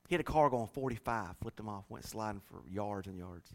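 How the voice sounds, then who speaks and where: A middle-aged male pastor preaching a sermon, swinging between shouted refrains and hushed, low passages. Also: expressive, brisk, hardly any pauses.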